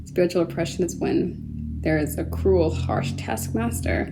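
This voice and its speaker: A woman teaching a kindergarten vocabulary lesson at home, speaking slowly and patiently, spelling words out letter by letter and asking the children gentle questions. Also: fairly low pitch, wildly swooping pitch, vocal fry, over music, rough recording. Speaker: homeschool teacher.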